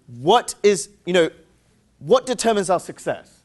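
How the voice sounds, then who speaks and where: High-pitched, upbeat English man presenting. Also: sing-song, measured pace. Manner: upbeat, drills the crowd with call-and-response questions; playful, teasing jokes. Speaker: seminar presenter. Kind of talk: interactive motivational seminar talk.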